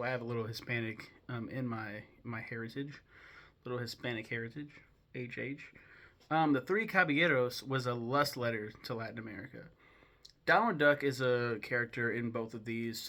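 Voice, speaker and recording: A man's voice: medium pitch, fairly bright tone. A young man hosting a film-ranking video, rambling casually with lots of swearing, fillers and restarts. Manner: loose, profane, rambling with many fillers and restarts. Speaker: video host ranking films. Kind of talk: casual commentary.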